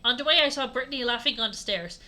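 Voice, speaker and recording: A woman's voice: fairly high pitch, fast, pushed and bright. Sarcastic woman reading aloud for laughs. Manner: sarcastic asides, mocking the text. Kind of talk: comedic dramatic reading.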